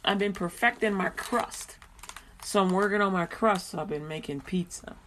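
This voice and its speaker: A woman hosting a Christian radio show, mixing slow, drawn-out prayers with chatty talk and frequent laughter. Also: mid-range voice, a bit bright, a little hiss or hum.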